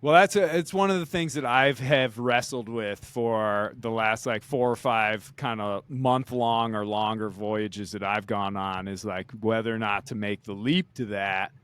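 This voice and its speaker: A man hosting a sailing podcast, talking in a relaxed, reflective way with many restarts. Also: fairly low pitch, a little slow, hardly any pauses, clean tone, dry recording. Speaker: podcast host and sailor. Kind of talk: casual conversation.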